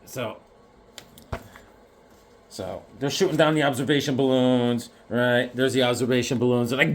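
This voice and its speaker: A man chatting casually about comic books, jokey and animated, now and then acting out the characters. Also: mid-range voice, moderate pace, long pauses. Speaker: comic collector vlogger. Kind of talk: casual chat.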